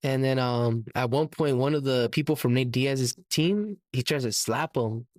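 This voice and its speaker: Podcast co-host, male; loose, slangy storyteller who acts out quotes; middle pitch, dead-dry room. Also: moderate pace, darkish tone, no room sound. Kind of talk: casual chat.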